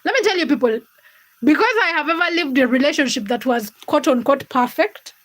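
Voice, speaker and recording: A woman's voice: high-pitched, lively intonation, brisk, a bit bright. A woman hosting a casual livestream from home, chatting and gossiping straight to her viewers while she cooks. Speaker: livestream host. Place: home, cooking during livestream.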